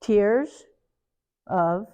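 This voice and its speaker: A middle-aged woman giving a live training talk, lively and acting out the people she quotes. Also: mid-range voice, very slow, muffled recording. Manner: animated, acts out parents and children in quoted voices.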